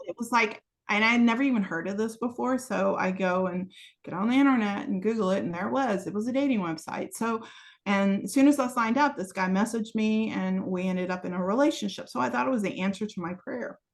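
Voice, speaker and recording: A woman sharing a personal story as a podcast guest. She is animated and acts out each bit of dialogue, with frequent laughter. Her speech is full of casual "you know" and "like" asides. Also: mid-range voice, brisk. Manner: frequent laughter while telling.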